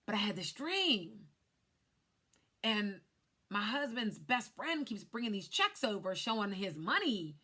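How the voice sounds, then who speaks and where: A woman's voice: medium pitch, sing-song, a little slow, pushed and bright, breathy edge. A woman who works as a life insurance agent, casually telling viewers her personal story in a chatty vlog. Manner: chatty, speaks straight to viewers.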